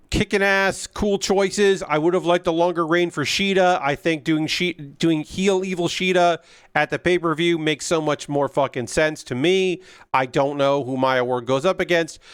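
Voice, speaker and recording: A man's voice: fairly high pitch, clean tone, no echo, clean studio sound. Frustrated, swearing man ranting on stream. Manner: frustrated ranting, frequent profanity and fillers. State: yawning. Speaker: streamer building a model kit. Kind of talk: casual livestream chat while building.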